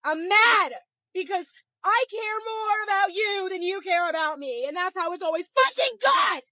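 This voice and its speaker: A woman's voice: very high-pitched, lively intonation, normal speed, dry recording. A woman pouring out anger and hopelessness in an emotional confessional rant, her voice breaking into tears. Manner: venting raw anger and despair, shouting then crying.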